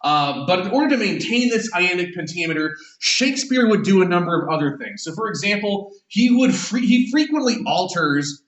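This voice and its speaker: A man's voice: high-pitched, animated, normal speed, few pauses, fairly bright tone, recorded from a distance. A male teacher giving an English class lecture, casual and conversational, with frequent fillers and restarts. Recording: echoey room, voice from off the mic.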